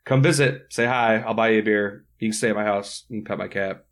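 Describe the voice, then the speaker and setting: Speaking fairly quickly with a lowish, slightly bright voice and fairly even intonation, a man who does improv comedy jokes around as a podcast guest. He's relaxed and self-deprecating, promoting his shows in casual chat.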